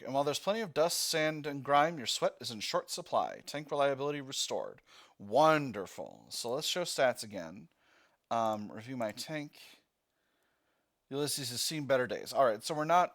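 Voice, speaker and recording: A man playing a text-based war game, reading the narration aloud and thinking out loud as he picks options. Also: mid-range voice. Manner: reads narration, thinking aloud with fillers and restarts. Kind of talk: let's-play narration.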